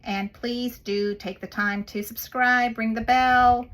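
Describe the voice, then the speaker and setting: A woman's voice: a little high, steady tone, takes it slowly, a bit bright. A woman hosting a paper craft video, chatting casually as she works and gushing over the little details.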